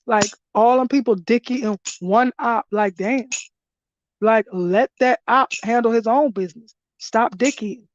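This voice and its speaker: High-pitched woman ranting and laughing on her stream, blunt and cussing, muffled dry audio. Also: unhurried, dry recording. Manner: animated, blunt and profane, laughs often. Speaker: live stream host. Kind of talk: casual profane storytelling. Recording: dull lo-fi dry sound.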